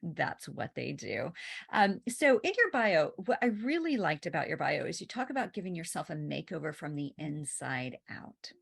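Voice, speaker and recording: Lively low-voiced woman podcast host. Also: normal speed, creaky, slightly rough. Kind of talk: casual interview chat.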